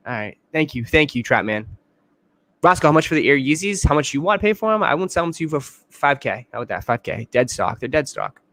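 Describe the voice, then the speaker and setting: A man's voice: on the high side, big pitch swings, quick pace, a bit bright, dry recording. Laid-back joking male host. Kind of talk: casual livestream chat.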